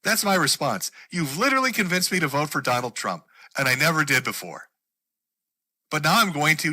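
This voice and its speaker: A man ranting on his own show, his voice very bright and cutting with a slightly raised pitch. He swears freely and slips into mockery as he builds up steam. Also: big pitch swings, fairly quick. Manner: heated, sweary, mocking. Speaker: show host. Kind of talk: profane political rant monologue.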